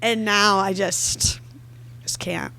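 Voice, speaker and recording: A young woman co-hosting a book club podcast, talking about the story in a gushing, emotional, animated way. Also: medium pitch, takes it slowly, gravelly. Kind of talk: casual book chat.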